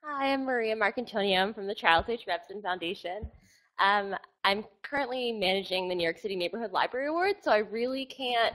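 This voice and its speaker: A woman's voice: medium pitch, expressive, brisk, bright, forceful tone, poor audio. A woman from a foundation introducing herself in a bubbly way. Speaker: foundation staffer.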